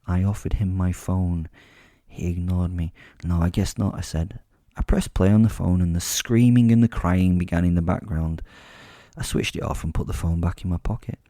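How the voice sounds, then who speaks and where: Deep, dark-voiced male storyteller. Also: no echo, studio quality. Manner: menacing, deliberate. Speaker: narrator. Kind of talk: first-person audio drama narration.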